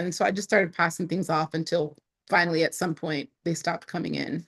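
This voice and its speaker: Female vlogger, fairly low voice, chatty and self-interrupting, laughs a lot. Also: fairly even intonation, fairly quick, vocal fry, a bit bright, slightly rough. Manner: chatty, laughs often, many restarts. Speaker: online creator and speaker. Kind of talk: casual talking-to-camera vlog.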